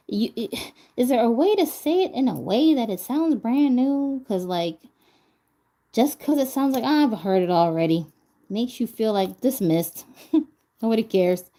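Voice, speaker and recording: A woman's voice: medium pitch, dark tone. A woman vlogger chatting casually as she crafts, laughing often and talking to herself while she recovers from a stroke. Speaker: doll vlogger.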